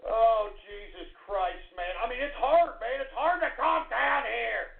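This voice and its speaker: A man hosting a talk radio show, exploding into swearing, exasperated rants and then trying to calm himself down. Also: very high-pitched, measured pace, gravelly, husky. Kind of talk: ranting internet radio talk. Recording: tinny phone-line radio audio.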